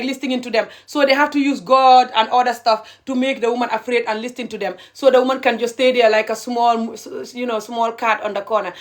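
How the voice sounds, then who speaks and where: A middle-aged woman, ranting passionately and indignantly to viewers on a live stream, repeating her points. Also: on the high side.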